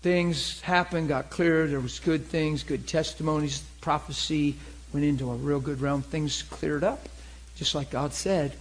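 A man preaching to a crowd at a church meeting, telling a story in an animated way and acting out the voices in it. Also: fairly high pitch, measured pace, rough recording. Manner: animated, laughing, acts out voices in his story. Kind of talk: storytelling sermon.

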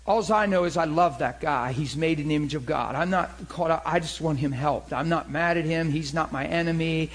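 A man preaching to a crowd at a church meeting, telling a story in an animated way and acting out the voices in it. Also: a little high, fairly quick, hardly any pauses, poor audio. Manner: animated, laughing, acts out voices in his story. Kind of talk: storytelling sermon.

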